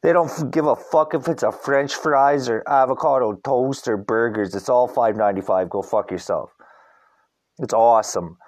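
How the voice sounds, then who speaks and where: A man's voice: mid-range voice, normal speed. A young man from Canada hosting a podcast, rambling in a casual rant and swearing constantly. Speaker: podcast host. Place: Vancouver.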